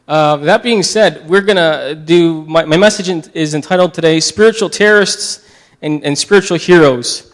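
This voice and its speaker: Man, pastor, church prayer and announcements, halting, restarts, a bit high-pitched. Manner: halting, many fillers and restarts. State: tearful.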